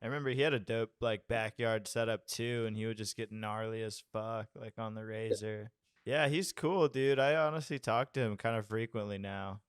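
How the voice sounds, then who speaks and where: A man co-hosting a podcast, chatting in a mellow, slangy way with loose, drifting sentences. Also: lowish voice, normal speed, smooth, no room sound. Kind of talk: casual chat.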